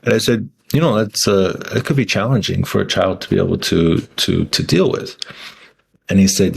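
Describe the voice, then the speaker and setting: A man's voice: deep voice, steady tone, normal speed, gravelly, breathy edge. A man talking casually to camera in a rambling way, with many restarts and fillers. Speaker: vlogger.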